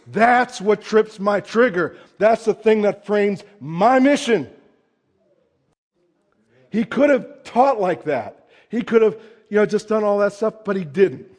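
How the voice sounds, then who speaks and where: A pastor giving a conversational sermon, swinging between loud emphasis and hushed asides. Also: male voice, high voice, expressive, slow, pauses often.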